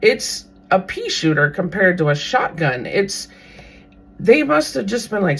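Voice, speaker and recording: A podcast host retelling a Bible story in a casual, animated way, now and then acting out what the characters might think. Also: mid-range voice, unhurried, creaky, breathy edge. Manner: animated, briefly acts out characters' thoughts.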